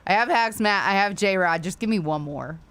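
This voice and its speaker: A woman hosts a casual livestream, chatting to viewers in a mid-range, fairly bright voice at normal speed. She rants with frequent swearing and apologetic asides.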